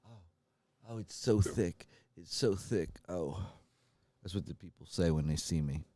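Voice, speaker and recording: Deadpan low-voiced man joking. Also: a little slow, no room sound. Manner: deadpan storytelling breaking into mock wailing. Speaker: podcast co-host. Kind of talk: comic improvised bits.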